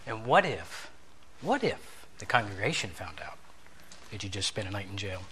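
A man's voice: on the low side, big pitch swings, moderate pace, bright, forceful tone. A man giving a conversational sermon lesson, telling a story, acting out bits of dialogue and asking his listeners questions.

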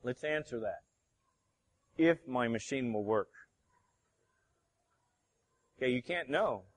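A man's voice: mid-range voice, lively intonation, takes it slowly. A male pastor preaching a sermon, emphatic and fond of rhetorical questions to his congregation.

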